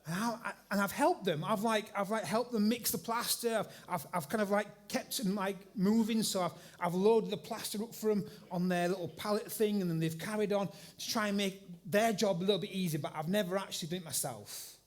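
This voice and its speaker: Middle-aged preacher, high-voiced, animated storyteller who restarts a lot. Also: male voice, brisk, few pauses. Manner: animated, rambling anecdote with repeated restarts. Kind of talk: sermon story. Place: church hall with congregation.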